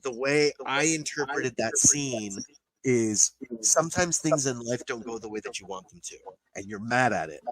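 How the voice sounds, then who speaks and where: A man's voice: medium pitch, a bit bright, rough recording. A man co-hosting a podcast in casual chat, rambling emotionally with lots of fillers and swearing. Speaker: podcast co-host.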